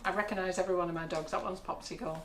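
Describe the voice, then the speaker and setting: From a kitchen, a baking show host in her sixties runs a casual live stream, rambling along and laughing frequently. She talks very fast with a fairly low pitch and fairly even intonation, and there is slight background noise.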